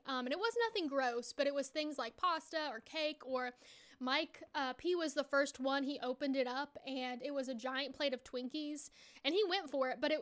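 A woman co-hosting a casual podcast, recapping a reality show in a chatty, animated storytelling way with a lilt. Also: high voice. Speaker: podcast co-host.

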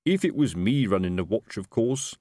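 A man's voice: fairly low pitch, animated, normal speed, dark tone, dry recording, clean studio sound, natural voice. A man voicing a blustering, self-important middle-aged sergeant in an audiobook, with a raised, wheedling voice. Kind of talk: audiobook character voice.

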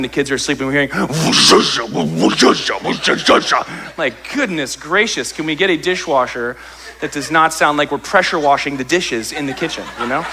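A man's voice: medium pitch, bright, forceful tone. A man preaching a sermon, telling a funny story about himself and acting out his complaints before he turns to scripture. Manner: humorous storytelling, acts out his own complaints. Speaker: pastor.

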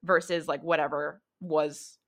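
A woman's voice: deep voice, fairly even intonation, unhurried, fairly bright tone. A woman running a tabletop horror game as game master, narrating in a casual, rambling way with many fillers. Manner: casual, filler-heavy storytelling.

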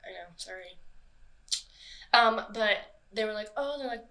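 A woman hosting a casual true-crime podcast, chatty and quick to swear and laugh. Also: medium pitch, vocal fry, sharp tone. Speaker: podcast host.

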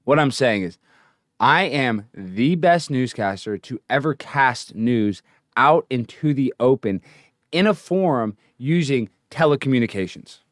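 A man hosting a comedic livestream, brash and boastful, jumping between loud shouting and low mumbling. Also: animated, unhurried, no echo, clean studio sound. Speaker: livestream host.

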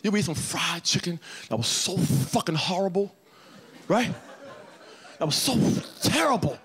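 A man performing a stand-up comedy set, telling stories loudly with profanity and bursts of shouting. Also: sits high, normal speed. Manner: loud, profane, animated storytelling with shouts. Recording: live club with audience laughter and noise.

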